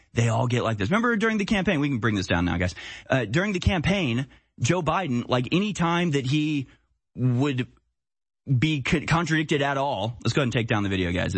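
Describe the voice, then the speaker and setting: A man's voice: medium pitch, slightly rough, no room sound. A man hosting a live-stream political commentary show, talking bluntly and heatedly in a casual way.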